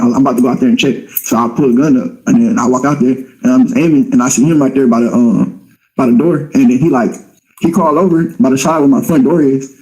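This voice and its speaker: A man with a dark, mellow voice rattles off his story at a quick clip. He talks bluntly and profanely in casual street speech, as a guest in an interview. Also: medium pitch, low-quality recording.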